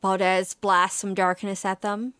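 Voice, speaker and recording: This podcast co-host speaks unhurriedly at a medium pitch, her tone level, smooth and a bit bright. Though her delivery stays even, she recaps an anime episode in a chatty, emotional way, with many fillers and quoted lines. It's casual chat in echo-free studio sound.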